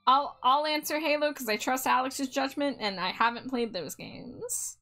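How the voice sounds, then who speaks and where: A woman's voice: high-pitched, normal speed, a bit bright, faint music behind. A woman guest artist chatting casually on a stream, easygoing and laughing along.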